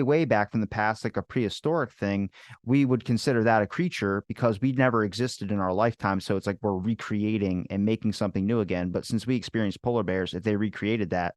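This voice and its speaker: Lowish-voiced man, casual and profane. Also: no echo, clean studio sound. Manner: animated, profane storyteller. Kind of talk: casual podcast chat.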